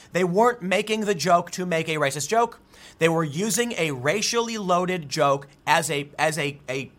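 A man hosting an opinion commentary, reading out articles and reacting with animated asides and frequent restarts. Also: sits high. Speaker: political commentary host.

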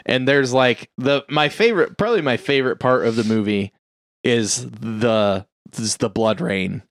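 A man casually recapping a movie plot on a podcast, acting out the characters' lines in quick bursts. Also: medium pitch, dry recording, clean studio sound. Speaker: podcast co-host.

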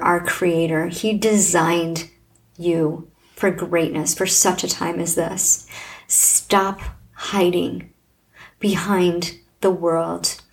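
A woman's voice: fairly low pitch, vocal fry. A middle-aged woman hosting a podcast, sharing a personal faith testimony in an earnest, heartfelt, preaching manner. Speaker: podcast host.

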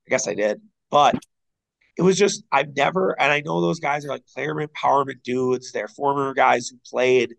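A man co-hosting a podcast, chatting casually about basketball, excitable and quick to swear. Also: vocal fry, rough recording. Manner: excitable, swears, jumps in with rising pitch. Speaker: podcast co-host. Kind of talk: casual sports chat.

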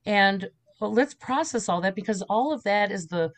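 A woman's voice: mid-range voice, moderate pace. A middle-aged woman, a spiritual medium, telling stories and teaching in a casual interview, acting out little voices as she goes. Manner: animated storyteller, acts out voices.

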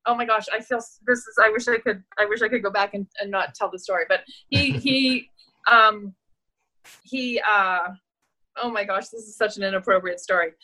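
A middle-aged actress telling stories in a casual interview, animated and laughing, acting out the voices she quotes. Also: mid-range voice, moderate pace, rough recording. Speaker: actress and guest.

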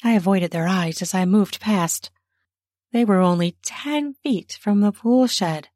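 Slow, breathy woman reading an erotic story. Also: mid-range voice, no room sound, clean studio sound. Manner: soft, unhurried, breathy, drops into whispers. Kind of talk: slow first-person erotic story narration.

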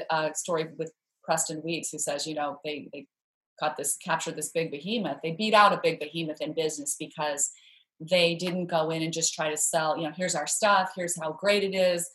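A woman telling a story in a podcast conversation, earnest and animated, with frequent restarts. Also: fairly low pitch, brisk, low-quality recording.

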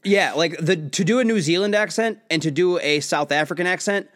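A young man co-hosting a casual podcast, trading jokes and quick banter, often swearing. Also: sits high, fairly bright tone. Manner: joking, profane, quick banter. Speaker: podcast co-host. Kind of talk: casual stoner podcast chat.

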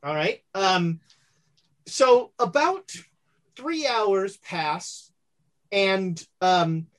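A woman narrating a tabletop horror game as game master, pausing often with fillers. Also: medium pitch, animated. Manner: halting, filler-heavy narration.

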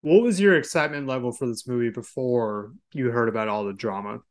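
A man's voice: mid-range voice, fairly quick. A man hosting a casual podcast about film and TV who asks questions and keeps the talk moving. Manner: leads the talk, asks questions, moves topics along. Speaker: podcast host.

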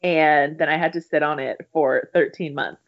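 Soft-spoken woman author on dull remote audio. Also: low-pitched, fairly even intonation, normal speed. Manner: soft-spoken, wry, with playful impressions of others. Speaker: author, podcast guest. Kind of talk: remote interview.

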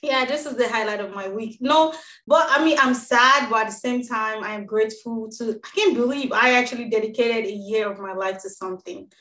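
A woman's voice: fairly high pitch, brisk, bright, forceful tone, roomy sound. A woman co-hosting a casual podcast, crying and emotional, laughing through her tears. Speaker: podcast co-host.

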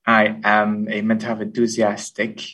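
A young man from Cambodia with a Cambodian accent, answering interview questions in unhurried, simple phrasing. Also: fairly low pitch, completely flat delivery, pushed and bright. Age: young adult. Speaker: podcast guest and host. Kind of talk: interview conversation. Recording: voice from a distance.

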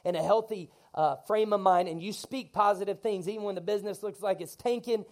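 Fired-up high-voiced man preaching. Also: brisk. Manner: animated, call-and-response preaching. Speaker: pastor. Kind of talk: energetic sermon. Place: church.

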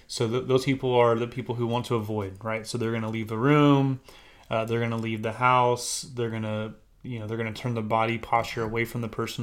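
A man co-hosting a podcast as a marriage counselor, talking earnestly and explaining things with frequent "right?" checks. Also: mid-range voice. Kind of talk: casual podcast chat.

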